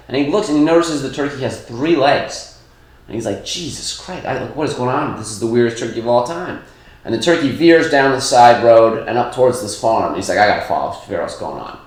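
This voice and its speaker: A man co-hosting a comedy podcast, telling jokes in casual chat with many fillers and restarts. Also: mid-range voice. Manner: rambling storyteller with many fillers. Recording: echoey room.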